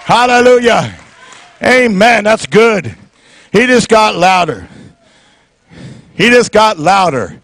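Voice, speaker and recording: A middle-aged man preaching a sermon in church, with call-and-response that swings from soft talk to shouting. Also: high-pitched, sing-song, takes it slowly, pauses often, no echo. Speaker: pastor.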